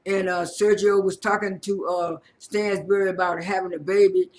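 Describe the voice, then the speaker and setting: A man casually recapping a reality show episode, halting often with fillers and repeated words as he retells who said what. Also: high voice, level tone. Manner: retells scenes by quoting people.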